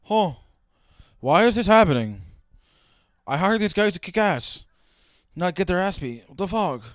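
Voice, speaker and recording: A man's voice: high voice, big pitch swings, unhurried, dry recording, studio quality, voice pushed up. A man voicing a confused big male thug, bewildered and indignant. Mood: baffled.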